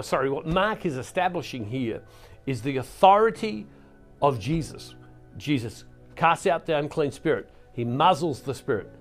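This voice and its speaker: A medium-pitched man preaches as a Catholic minister, earnestly teaching on scripture. He restarts some sentences and reads passages aloud with added force.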